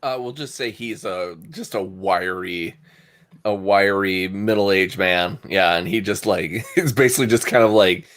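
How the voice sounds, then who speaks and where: A man's voice: low-pitched, measured pace, a bit bright. A man playing a tabletop game, amused as he describes his character. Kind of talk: casual chat.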